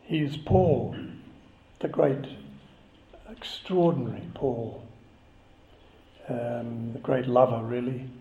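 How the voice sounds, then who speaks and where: A man's voice: medium pitch, takes it slowly, pauses often, warm tone, a little hiss or hum. A man giving a chatty, conversational sermon and joking with the congregation. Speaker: preacher. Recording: echoey, slightly dull church recording.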